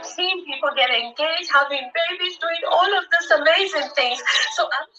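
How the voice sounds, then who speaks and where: A woman's voice: very high-pitched, normal speed, pushed and bright, distant mic, muffled recording. A woman in her twenties speaking earnestly and emotionally in a confessional vlog, close to tears. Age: 20s. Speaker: actress.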